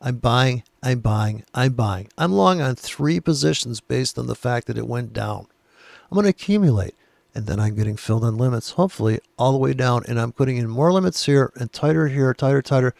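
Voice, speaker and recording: A man's voice: medium pitch, lively intonation, fairly quick, vocal fry, a little mellow, dry recording. A man giving casual chart commentary, blunt and profane, rambling with sarcastic asides. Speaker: trading educator.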